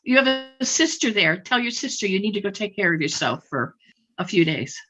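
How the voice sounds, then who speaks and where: A woman's voice: mid-range voice, sing-song, brisk, a bit bright, muffled recording. A woman spiritual healer leading a live online session, insisting and repeating her points emphatically.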